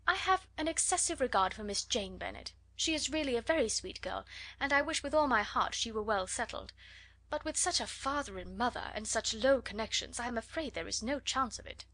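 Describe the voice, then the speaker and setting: A woman's voice: fairly high pitch, animated, a little fast, sharp tone, full character voice. A woman doing a snobbish, gossiping lady. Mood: condescending.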